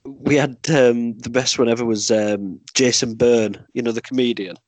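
A man's voice: mid-range voice, steady tone, normal speed, dry recording. A man with a Yorkshire accent chatting on a podcast, rambling and swearing freely as he tells stories. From Yorkshire, England. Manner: rambling, swearing, laughing storyteller. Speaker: podcast guest and movie podcast host. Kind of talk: casual podcast chat.

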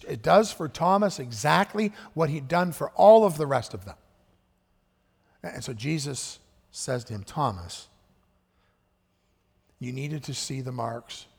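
A man preaching a sermon as pastor, earnest, swinging between hushed and emphatic delivery. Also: fairly high pitch, vocal fry, breathy edge. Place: church sanctuary. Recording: echoey church hall with long reverb.

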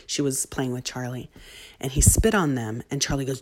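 A woman with a low voice tells a story as a mother, in a relaxed, chatty way. She turns animated at times, then drops to soft near-whispers. Her talk stays warm and personal. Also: moderate pace. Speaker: mother telling a parenting story. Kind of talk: casual storytelling monologue.

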